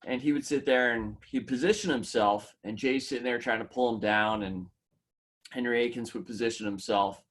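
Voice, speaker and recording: A male podcast co-host tells a story at a relaxed, ordinary middle pitch. He strings his sentences loosely together, one clause running into the next. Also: moderate pace. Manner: anecdotal, loose run-on sentences. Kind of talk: casual storytelling.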